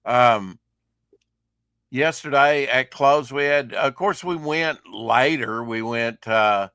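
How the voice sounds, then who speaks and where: A man's voice: mid-range voice, slow pace, pushed and bright, clear, resonant tone, no echo, clean studio sound. A man hosting a casual livestream chat show over a video call, rambling with many fillers. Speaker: host.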